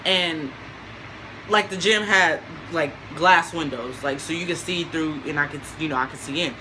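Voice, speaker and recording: A young woman telling a story in a casual vlog, animated and slangy, laughing often. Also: low-pitched, moderate pace, background noise.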